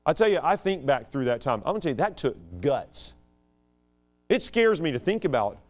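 A man from the United States giving a rambling, digressive talk to a group, in an animated voice. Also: moderate pace. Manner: animated and digressive, with sudden jumps up and down in pitch. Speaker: speaker addressing a group.

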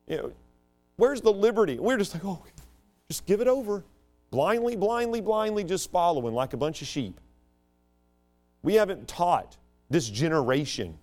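Animated, digressive American man. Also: normal speed, pauses often, soft background music. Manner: animated and digressive, with sudden jumps up and down in pitch. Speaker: speaker addressing a group. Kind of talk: rambling talk to an audience.

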